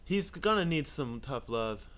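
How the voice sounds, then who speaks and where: A man's voice: mid-range voice, lively intonation, unhurried, a bit bright. A man reading character lines in a casual script read-through, with chatty asides. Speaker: script reader.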